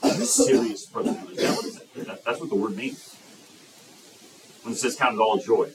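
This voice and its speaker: A man preaching a sermon as pastor, lively and emphatic, breaking into excited shouts. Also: medium pitch, moderate pace, long pauses, recorded from a distance, slight background noise, poor audio.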